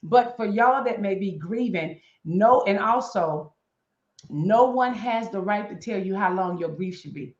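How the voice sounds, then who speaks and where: A woman's voice: mid-range voice, expressive, measured pace. A middle-aged woman, a guest on a live chat show, speaking passionately about grief, repeating points for emphasis in a blunt, preacher-like way with some profanity. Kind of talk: impassioned talk on grief. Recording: roomy, slightly dull live-stream audio.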